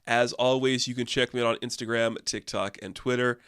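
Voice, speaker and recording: Reviewing a movie casually, this man swears freely, leans on "like" constantly, and jumps higher in pitch when he can't believe something. His delivery is flat and fairly quick, the tone fairly bright and smooth, captured clean in a studio with no room echo.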